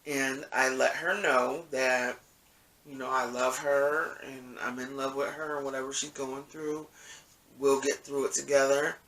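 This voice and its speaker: A man's voice: medium pitch, flat delivery, a little slow, pushed and bright. A man telling a story in a casual monologue, rambling and profane, often asking "you know what I'm saying". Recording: echoey room, mic at a distance.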